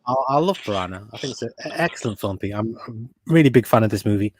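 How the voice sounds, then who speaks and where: A man's voice: fairly low pitch, animated, fast talker, breathy edge, dry recording. A man co-hosting a casual movie review chat, rambling with frequent fillers and repeated words. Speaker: podcast co-host.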